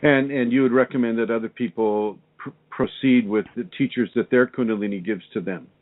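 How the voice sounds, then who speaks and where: A man's voice: medium pitch, a little fast. A man hosting a radio interview, asking probing questions over a tinny phone line. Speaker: radio show host and spiritual teacher. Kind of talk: interview on a call-in radio show.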